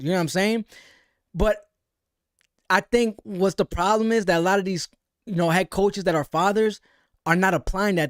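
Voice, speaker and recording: Talking briskly in a high voice, a young American livestream host riffs casually on boxing while reading viewers' comments, slangy and loose and often repeating "you know what I'm saying." The recording is dry, with clean studio sound.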